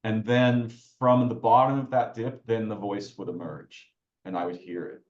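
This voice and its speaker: A man with a low voice speaks as a podcast guest, working through his ideas aloud and breaking off to restart phrases. The sound is roomy and somewhat dull, with a lo-fi edge. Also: steady tone, normal speed, darkish tone. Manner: searching, self-interrupting, restarts phrases. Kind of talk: reflective conversational talk.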